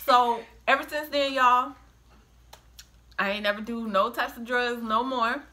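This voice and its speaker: A middle-aged woman telling a story in a casual chat with her daughter, animated and acting out the quoted voices. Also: a little high, unhurried. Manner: animated, acts out quoted voices, breaks into laughter. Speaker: storyteller, the host's mother.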